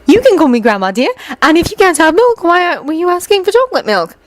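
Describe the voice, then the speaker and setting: A woman voicing a warm, motherly older grandmother who fusses over the children. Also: extremely high pitch, sing-song, quick pace, no echo, voice pushed up.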